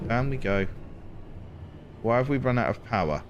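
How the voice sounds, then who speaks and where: A man, chatting to himself and his viewers while playing a game, with animated exclamations. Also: mid-range voice, moderate pace, pauses often, smooth. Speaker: game streamer. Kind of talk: casual gameplay commentary.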